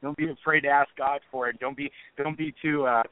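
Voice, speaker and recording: A man, a guest telling folksy, animated stories during a phone interview from the roadside. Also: mid-range voice, brisk, dry recording. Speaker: guest auctioneer. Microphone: phone call. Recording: tinny dry phone line.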